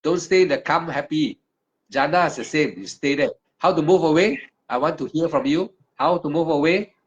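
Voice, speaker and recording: Male meditation teacher, raised pitch, emphatic and repetitive, simple broken English, muffled lo-fi sound. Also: moderate pace. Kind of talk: one-on-one meditation instruction. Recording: dull lo-fi recording.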